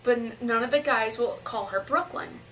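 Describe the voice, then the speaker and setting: A woman's voice: fairly high pitch, moderate pace, a bit bright, recorded from a distance, slight background noise, rough recording. A young woman telling a story to her camera in a chatty, rambling way, often restarting her sentences. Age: young adult. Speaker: vlogger.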